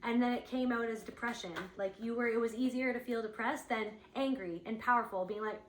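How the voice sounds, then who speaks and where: A woman's voice: a little high, brisk, few pauses, echoey room, slight background noise, rough recording. A woman giving an intuitive spiritual reading, thinking aloud in a searching, rambling way, with lots of "like". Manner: searching, rambling, heavy use of "like".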